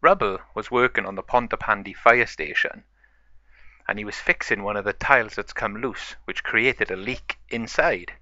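A man's voice: on the low side, moderate pace, pushed and bright, no echo, highs cut off. A man casually narrating a toy-play story in rambling run-on sentences.

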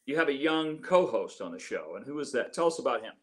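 A man's voice: mid-range voice, very animated, fast, a bit bright. A middle-aged male radio host and comedian interviewing a fellow comic in a joking, teasing way. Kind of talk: casual interview chat.

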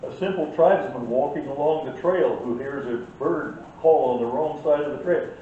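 A man's voice: on the high side, moderate pace, phone-quality sound, slight background noise. An older man teaching a church Sunday school class in an earnest way that gets worked up, heard from far off in an echoey room.

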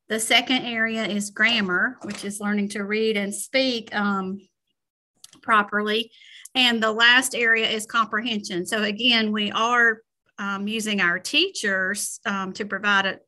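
A woman with a Southern American accent, a school administrator, explaining programs to parents at a school meeting in a measured way with frequent ums. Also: medium pitch, sharp tone. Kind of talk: informational presentation at a school meeting.

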